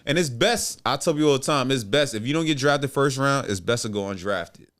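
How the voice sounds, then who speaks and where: A man telling his basketball career story in a relaxed, slangy way, acting out what others said. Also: medium pitch, brisk. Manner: laid-back, slangy, acts out quoted dialogue. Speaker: podcast guest, former basketball player. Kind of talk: casual storytelling interview.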